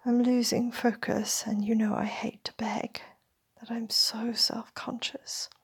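A woman narrating an erotic story in the first person as a whispered role-play, with a breathy, intimate delivery. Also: on the high side, flat delivery, slow pace.

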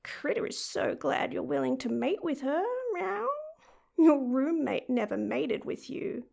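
A woman's voice: sits high, expressive, unhurried, vocal fry, a little mellow, heavily acted. A woman voicing a playful female house cat in a young woman's body, in an audio role-play addressed to the listener. The cat speaks of herself in the third person and meows often.

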